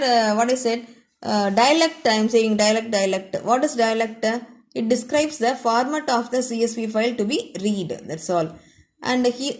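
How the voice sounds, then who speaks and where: A woman teaching computer science in a classroom lecture style. She explains step by step, repeats points, and often closes each one with the same short phrase. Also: on the high side. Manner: repetitive, explanatory, keeps ending points with a set phrase.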